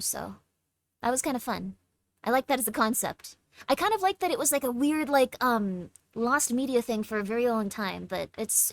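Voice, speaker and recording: A young woman streamer in casual livestream chat, tired, talking to her chat in a chatty, stumbling way. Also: fairly high pitch. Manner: chatty, reads chat aloud, stumbles over words.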